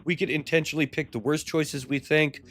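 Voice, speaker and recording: A man calling a wrestling match on a live stream as play-by-play commentator and streamer, crude, joking and shouty. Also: fairly high pitch, steady tone, a little fast. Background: music.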